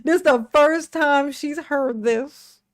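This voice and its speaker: Blunt, sarcastic woman with a high voice. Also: takes it slowly. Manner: blunt, emphatic, profane and sarcastic. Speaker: reaction video host. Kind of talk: casual reaction commentary.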